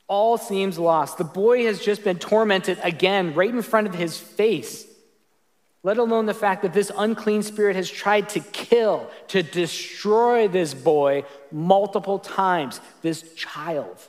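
A man's voice: sits high, takes it slowly, big-room sound. A man preaching a sermon as pastor, earnest and conversational, often restarting his sentences.

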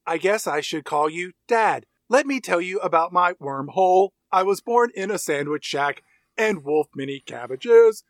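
A man's voice: high-pitched, lively intonation, moderate pace, no echo. Man doing a glitchy robot doll, garbled, dry mic. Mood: glitching. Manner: garbled nonsense talk.

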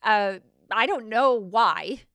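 A woman's voice: fairly high pitch, expressive, slow, a bit bright, dry recording, studio quality. A middle-aged woman hosting her show, recounting events in an indignant, sarcastic way. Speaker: host. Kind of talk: personal account monologue.

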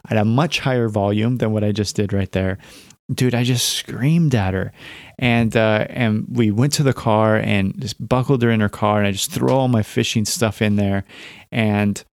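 A man's voice: fairly low pitch, a little mellow, dry recording, clean studio sound. A man in his thirties hosting a podcast, telling a personal story in a candid, rambling way with many fillers and restarts. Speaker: podcast host. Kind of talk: casual storytelling monologue.

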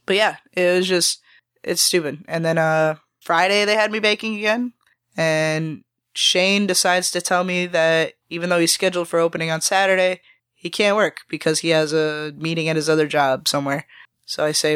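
A woman on a podcast as a guest, telling workplace stories in a casual, animated way, swearing freely and acting out the people she quotes. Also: on the low side, normal speed, clean tone, no echo, studio quality. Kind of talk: casual storytelling chat.

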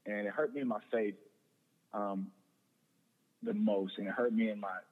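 Young male guest, earnest, stumbling restarts, low voice, phone-thin sound with long reverb. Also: moderate pace, slightly rough, narrow, tinny audio. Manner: earnest, repeats words and restarts often. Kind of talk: personal testimony in conversation.

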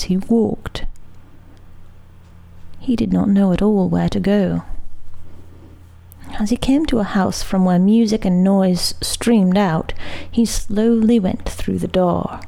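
Slow, gravelly woman reading a story aloud. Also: medium pitch, dark tone. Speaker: reader.

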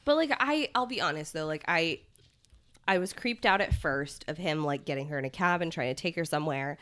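A woman with a slightly low voice in casual podcast chat. She talks bluntly and candidly about her own life. She pokes fun at herself. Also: lively intonation, fairly quick, fairly bright tone, smooth, no room sound. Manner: candid, self-mocking, blunt. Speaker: podcast co-host. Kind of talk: casual movie discussion.

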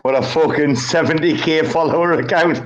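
Higher-voiced male banterer, profane and teasing, on muffled online audio. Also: normal speed. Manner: profane, teasing, repeats names and "mate", "bro", "son". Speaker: speaker in a live audio chat room. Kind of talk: casual banter.

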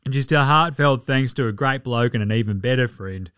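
A man's voice: medium pitch, moderate pace, a bit bright, clear, resonant tone, no room sound, studio quality. An Australian man presenting a mock HR advice segment in a comedic skit, playing up being choked with emotion and sentimental.

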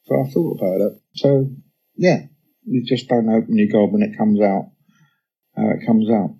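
A man's voice: lowish voice, normal speed, rough recording. A man, telling casual anecdotes as a guest in an on-stage conversation, peppered with "you know". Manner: chatty anecdotes, frequent "you know", quotes others in lively bursts. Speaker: interview guest, musician.

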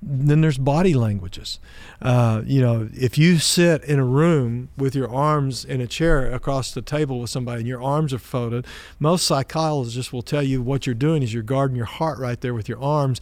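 Guy pastor teaching about relationships, measured and chatty, mid pitch, dry close recording. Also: a little mellow, dry recording. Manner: measured, conversational, explains with examples.

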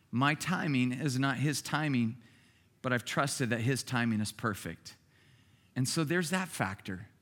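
A middle-aged man preaching a sermon as pastor, conversational and lively, with sudden bursts of excited shouting. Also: fairly high pitch.

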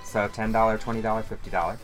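A man with a somewhat low voice co-hosts a podcast, wry and self-deprecating. He explains things conversationally while faint music plays underneath. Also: little pitch movement, racing. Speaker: podcast co-host. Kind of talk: casual podcast chat.

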